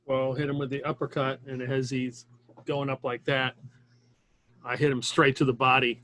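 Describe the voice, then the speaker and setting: A man's voice: medium pitch, level tone, normal speed, pushed and bright, slight background noise. A man playing in a tabletop game, describing his moves in a laid-back, hesitant way. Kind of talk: casual chat.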